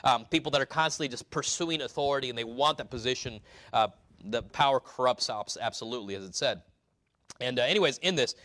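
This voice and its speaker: A man's voice: medium pitch, quick pace, fairly bright tone, dry recording. A man preaching a sermon in a conversational way, explaining scripture verse by verse.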